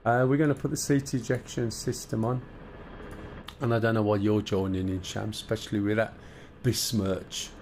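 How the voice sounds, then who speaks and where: On the low side and darkish, this man's delivery is flat and at normal speed, with slight background noise. A Black Country streamer from the English Midlands, he chats casually with viewers and jokes with them while going over cockpit start-up steps.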